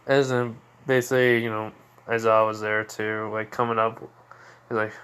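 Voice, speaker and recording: A man's voice: lowish voice, little pitch movement, fairly quick, a bit bright, clear, resonant tone. A young man casually improvising a fan story, rambling and filling gaps with "basically" and "you know". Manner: rambling, full of fillers and restarts.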